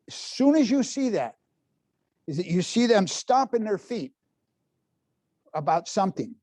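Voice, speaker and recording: A man in his seventies runs a parenting workshop in a library meeting room. His voice sits a little high and sounds dry and close. He talks in a lively, folksy way and keeps asking the audience questions. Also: normal speed, long pauses, no room sound. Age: 70s. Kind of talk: live workshop talk to parents.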